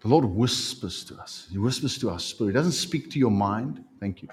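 A man preaching a sermon as pastor, in an animated, conversational way. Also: fairly low pitch, moderate pace.

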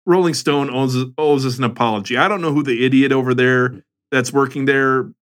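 A man's voice: mid-range voice, fairly even intonation, a little fast. A man co-hosting a casual comedic podcast, ranting in mock outrage. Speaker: podcast co-host.

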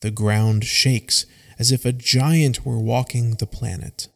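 A man narrating a scripted fantasy story at an unhurried pace, his voice gravelly with vocal fry. The recording carries a long, hall-like reverb. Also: medium pitch, steady tone. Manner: reads scene directions aloud, measured.

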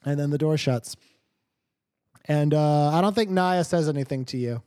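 A man's voice: on the high side, moderate pace, mellow, no echo, clean studio sound. A man running a tabletop game as game master, narrating in a meandering way with lots of fillers.

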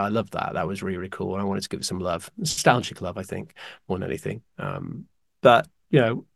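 Animated man with a gravelly voice. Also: medium pitch, no room sound, studio quality. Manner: animated, excitable, apologetic asides. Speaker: podcast co-host. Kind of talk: casual chat, ranking films.

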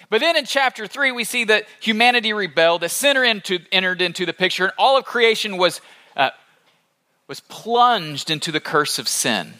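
A male pastor preaching a sermon in an animated, conversational storytelling manner. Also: high-pitched.

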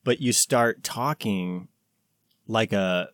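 Rambling low-voiced man in casual chat. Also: slow, fairly bright tone, no echo, clean studio sound. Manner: rambling, frequent fillers and restarts. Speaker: podcast co-host.

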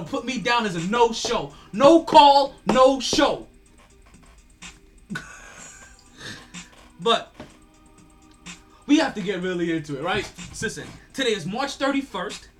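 Animated, ranting male podcast host. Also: high-pitched, normal speed, long pauses, faint music behind. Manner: animated, ranting, stammering repeats, frequent laughter. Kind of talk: casual podcast monologue.

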